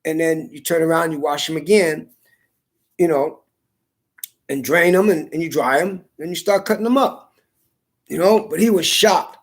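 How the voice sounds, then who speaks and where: A man's voice: fairly high pitch, normal speed, long pauses. A man rambling in a casual monologue, cursing often and repeating words as he goes. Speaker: vlogger.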